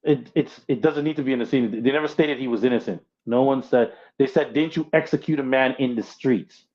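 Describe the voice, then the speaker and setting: A man co-hosting a podcast, arguing his take on comics and films and refusing to back down. He repeats himself insistently, at an ordinary mid pitch. The recording sounds a little dull and lo-fi. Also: fairly quick, a little mellow. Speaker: podcast co-host. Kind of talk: casual pop-culture debate.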